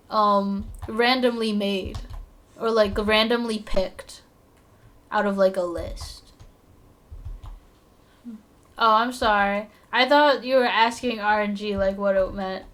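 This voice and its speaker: A woman chats casually with viewers while drawing on a live stream, her mid-range voice a bit bright. She's playful and rambling, pokes fun at herself, and is quick to apologize and laugh.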